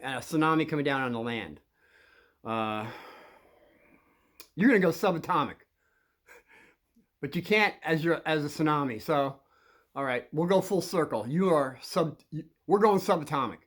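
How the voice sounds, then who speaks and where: A man with a somewhat high voice talks kids through dealing with bullies in a loose, rambling monologue. He acts out little scenes and jumps into loud quoted lines. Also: expressive, normal speed, long pauses. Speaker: host giving kids advice on bullies.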